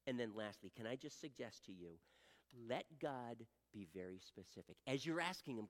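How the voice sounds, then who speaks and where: A middle-aged man preaching a sermon as pastor, animated and swinging from quiet asides to loud emphatic pleading. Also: medium pitch, normal speed. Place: church sanctuary. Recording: long hall reverb.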